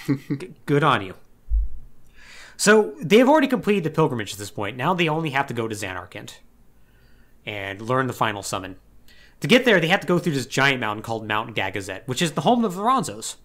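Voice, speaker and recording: Young guy on a podcast, wry and rambly, lots of "like", really lively pitch. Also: fairly quick. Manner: loose and wry, peppered with "like", mimics characters. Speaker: podcast co-host. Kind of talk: casual podcast recap of a game story.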